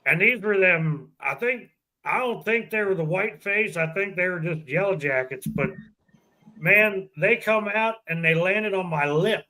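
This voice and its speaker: A man sharing a quick anecdote in casual chat. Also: high voice, sharp tone, rough recording.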